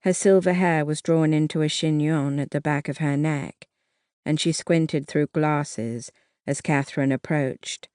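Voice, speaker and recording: An audiobook narrator giving a measured, even reading of a historical novel. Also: medium pitch, clean tone, dry recording, clean studio sound.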